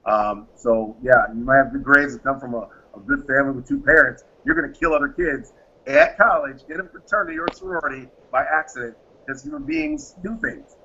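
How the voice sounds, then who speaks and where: A man's voice: medium pitch, animated, a little fast, pushed and bright, a little hiss or hum. A man who founded a private security firm, answering interview questions in an emphatic way and acting out the exchanges he describes. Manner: emphatic, acts out quoted exchanges. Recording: dull lo-fi audio.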